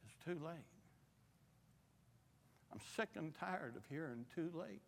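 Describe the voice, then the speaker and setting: A man preaching a missionary sermon, impassioned and rising to shouts, in a church. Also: on the high side, expressive, takes it slowly, creaky, slight background noise. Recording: long hall reverb.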